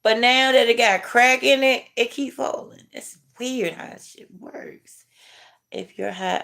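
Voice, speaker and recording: Middle-aged woman, livestream host, slow easygoing chat, frequent chuckles. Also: on the high side, expressive, gravelly. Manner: laid-back, drawn-out delivery, chuckling while reading chat. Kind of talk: casual livestream chat with viewers.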